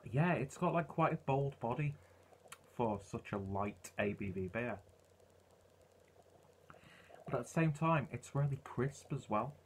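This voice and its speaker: A man's voice: mid-range voice, animated, a little slow, pauses often, slight background noise. A man reviewing a beer in a casual, rambling way, full of ums and uhs.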